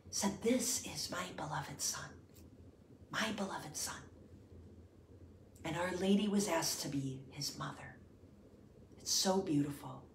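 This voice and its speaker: A woman leading the rosary, speaking gently and reverently, at times dropping to a whisper as she reflects between prayers. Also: lowish voice, roomy sound, slight background noise. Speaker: prayer leader.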